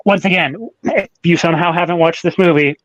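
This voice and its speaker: A man chatting casually in a movie review panel, animated and swearing, acting out scenes. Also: on the high side, brisk, no echo, low-quality recording. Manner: animated, swearing, acts out scenes in quoted voices.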